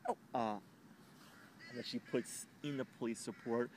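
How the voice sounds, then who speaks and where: A man's voice: mid-range voice, normal speed, darkish tone, slight background noise. A young man venting to camera in an emotional personal rant, agitated and swearing, rambling with frequent restarts, recorded outdoors.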